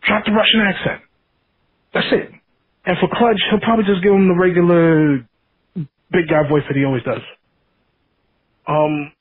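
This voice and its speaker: Raspy high-voiced man on a phone line. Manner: rambling, enthusiastic, many restarts. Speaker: caller. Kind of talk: casual voicemail call-in.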